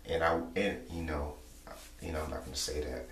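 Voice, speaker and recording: A young man talking casually to camera, repeating himself and filling pauses with "you know". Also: extremely low pitch, fairly even intonation. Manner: repetitive, rambling, many "you know" fillers. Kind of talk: casual monologue vlog. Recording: echoey room, distant mic, faint hum.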